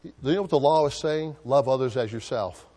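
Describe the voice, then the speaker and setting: A pastor delivers a sermon, asking his congregation to fill in the verses and answer back. His mellow, middling-pitched voice moves a little fast and rings with long reverb, like in a church sanctuary.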